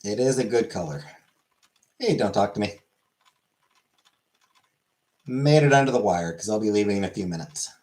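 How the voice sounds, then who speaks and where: A man's voice: lowish voice, expressive, moderate pace, long pauses, a little mellow. A man chatting casually on a livestream, rambling and offhand, swearing now and then.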